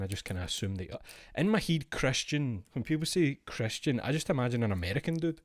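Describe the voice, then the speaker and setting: Man, casual stream chat, sweary and rambling, lively pitch, dry close sound. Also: fast, hardly any pauses, dry recording. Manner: rambling, profane, jokey, animated.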